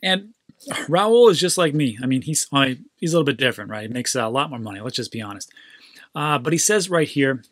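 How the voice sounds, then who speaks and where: A man hosting a crypto channel, talking casually and excitably straight to his viewers, ranting and getting worked up. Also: medium pitch, fairly quick, no room sound, studio quality. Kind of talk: casual commentary monologue.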